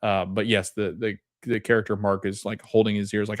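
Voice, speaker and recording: A man's voice: on the low side, little pitch movement, fairly quick, no echo, studio quality. A man hosting a podcast, retelling a TV episode in a casual, rambling way and often correcting himself. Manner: rambling, self-correcting, chuckles while retelling scenes. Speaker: podcast host.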